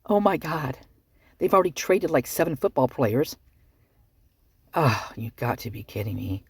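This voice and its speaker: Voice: mid-range voice, very animated, unhurried, long pauses, husky, no echo. A vlogger giving heated, sarcastic commentary on news stories, ranting and calling people out. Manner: ranting, fired up, sarcastic asides. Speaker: true-crime commentary channel host. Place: at home, with outdoor work nearby.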